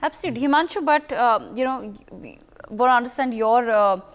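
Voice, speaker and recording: A woman, anchoring a TV news debate and putting measured, probing questions to her guests. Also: on the high side, clear, resonant tone.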